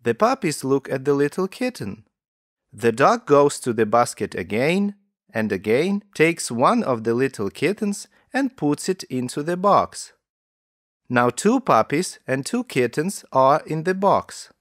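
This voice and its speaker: A man narrating children's stories in a slow, careful way for English learners, with lively intonation. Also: mid-range voice, no room sound, clean studio sound.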